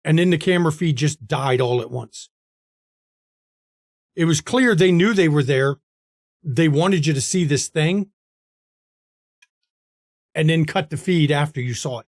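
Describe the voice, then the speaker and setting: Halting male game master. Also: fairly high pitch, no room sound, clean studio sound. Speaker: storyteller running the game. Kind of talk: narrating a tabletop game.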